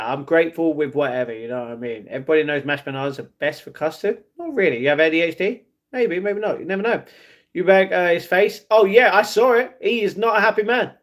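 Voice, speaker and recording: A young man chatting casually on a livestream, reading and answering his chat, often adding "you know what I mean". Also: on the high side. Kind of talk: casual live-stream chat.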